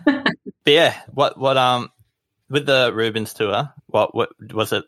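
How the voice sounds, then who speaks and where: A man hosting a podcast, relaxed and easygoing in casual chat. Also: mid-range voice, unhurried. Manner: relaxed, easygoing, brief replies. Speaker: podcast host.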